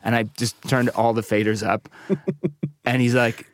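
A man's voice: mid-range voice, level tone, normal speed. A man, a recording engineer telling studio stories in a casual interview, with many restarts and asides. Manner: rambling anecdotes with laughs and restarts. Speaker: recording and mixing engineer, guest.

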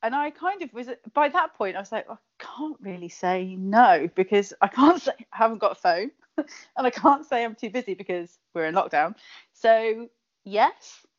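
A woman's voice: fairly high pitch, animated, normal speed. A woman with a Kent accent chatting casually, giggling often and talking in loose, restarting sentences. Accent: Kent English. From Kent, England. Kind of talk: casual chat. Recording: slightly dull lo-fi audio.

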